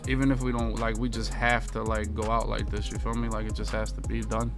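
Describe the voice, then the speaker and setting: A young man giving live commentary while playing a football video game, swearing often and swinging from low muttering to loud, exasperated outbursts. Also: level tone, a little fast, loud music behind the voice. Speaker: gaming video creator.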